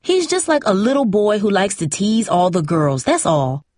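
A woman's voice: medium pitch, big pitch swings, normal speed, darkish tone, dry recording, studio quality. A woman voicing an easygoing single mother who soothes her daughter casually. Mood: coaxing. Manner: soothing, casual, endearing "baby".

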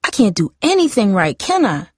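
A woman reading a novel aloud, voicing a defensive, chatty fourteen-year-old girl with high, emphatic outbursts. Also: big pitch swings, moderate pace, slightly rough, dry recording, clean studio sound. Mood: frustrated.

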